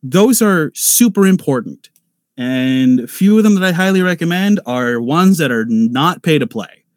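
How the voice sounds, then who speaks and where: A man talking through voice-acting tips in a loose, rambling way, full of fillers and restarts. His voice sits a little higher than most men's, and the sound is dry and close. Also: lively intonation, normal speed, dry recording. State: nervous at first panel. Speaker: voice actor on a convention panel. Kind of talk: casual advice talk.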